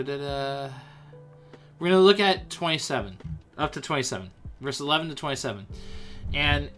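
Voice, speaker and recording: A man's voice: mid-range voice, pushed and bright. A man hosting a casual livestream, chatting animatedly about comics and scripture and talking straight to his viewers. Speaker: host.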